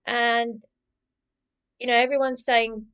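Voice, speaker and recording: Slow-talking agitated woman. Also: on the high side, little pitch movement, a bit bright, smooth. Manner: agitated, repetitive, restarts often. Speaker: vlogger. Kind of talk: rambling personal monologue.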